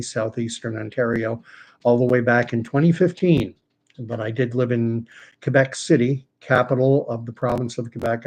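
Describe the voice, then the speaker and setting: Canadian male channel host, mid-pitched, chatty and digressive, casual live-stream delivery. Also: darkish tone. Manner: rambling, chatty, many fillers and asides. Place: home, talking to his dog.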